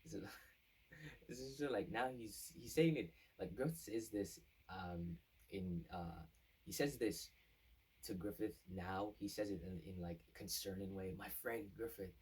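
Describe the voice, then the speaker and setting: A man's voice: lowish voice, a little slow, a little mellow, husky, far from the mic, low-quality recording. A man casually recapping an anime plot as a reviewer, rambling and acting out the characters' lines. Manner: rambling, with many fillers and restarts, acting out quotes.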